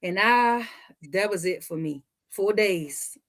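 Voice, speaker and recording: Woman, lively storyteller, medium pitch, acts out voices. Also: slow. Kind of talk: casual storytelling.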